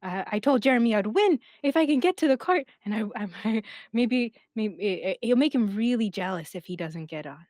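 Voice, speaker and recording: A woman's voice: a little high, lively intonation, moderate pace, few pauses, a little mellow, dry recording, clean studio sound, pitched above the performer's own voice, natural voice. A woman voicing an eager young badger girl with a gap in her teeth, whose breath whistles as she talks. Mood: chatty.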